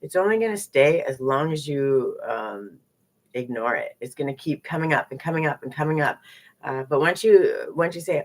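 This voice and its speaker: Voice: medium pitch, lively intonation. Live-stream teacher, conversational and repetitive, asks lots of rhetorical questions. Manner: repetitive and conversational, often tags lines with "right?"; rhetorical questions in rapid strings. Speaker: spiritual teacher hosting a live lesson.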